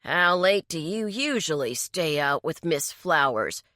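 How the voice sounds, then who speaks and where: A woman's voice: low-pitched, expressive, unhurried, bright, forceful tone, dry recording, studio quality, full character voice. A woman voicing a patronizing, menacing male deputy with a condescending, threatening way of talking.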